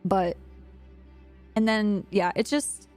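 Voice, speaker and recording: A woman streamer telling a rambling story in casual chat while she plays, and she laughs often as she talks. Her pitch sits in a middle range. Faint music plays in the background. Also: fairly even intonation, slow pace, a little mellow.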